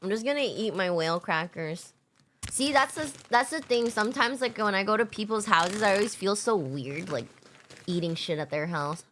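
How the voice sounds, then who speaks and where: A woman's voice: mid-range voice, normal speed, a bit bright, a little hiss or hum. A young adult woman streamer chatting casually with her chat, laid-back, swearing often and laughing a lot. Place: home streaming setup.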